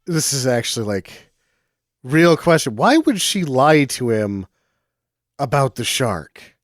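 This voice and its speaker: Male podcast co-host, crude joker, mid-pitched, dry sound. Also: sing-song, takes it slowly, dry recording. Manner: crude, laughing, acts out scenes. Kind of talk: casual movie-riffing chat.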